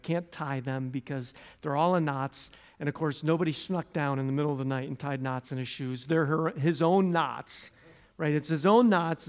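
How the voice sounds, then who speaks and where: This pastor, a man from the United States, delivers his sermon in a conversational way, restarting and wandering into asides. His stories come out loud and lively, while his prayers drop soft and low.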